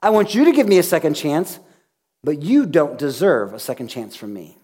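Guy preaching a sermon, voice a bit high, swings up and down a lot, acts out the dialogue. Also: moderate pace, breathy edge. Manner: animated storytelling, acting out dialogue. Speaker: pastor.

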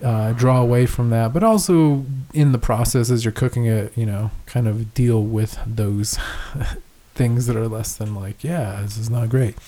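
A young man chats loosely on a podcast, rambling through a story with swearing and frequent laughter. His voice is mellow and relaxed, sitting in a middle pitch. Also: measured pace. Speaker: podcast co-host. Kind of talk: casual chat.

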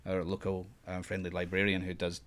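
A man's voice: low voice, monotone, brisk, fairly bright tone. A man, a father hosting a casual family podcast with his kids, chatty and teasing.

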